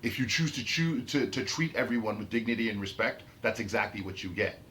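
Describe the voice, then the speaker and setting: A man's voice: on the low side, a little fast, fairly bright tone, slight background noise. A man ranting about his autism in an unscripted vlog, heated and emphatic, repeating and restarting his phrases. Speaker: autistic vlogger. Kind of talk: unscripted rant to camera.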